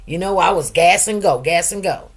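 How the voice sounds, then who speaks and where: A woman's voice: fairly low pitch, moderate pace, breathy edge. A middle-aged woman, hosting a casual livestream and talking straight to her listeners with lots of emphatic asides. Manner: chatty, emphatic, addresses listeners directly with frequent asides. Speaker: livestream host.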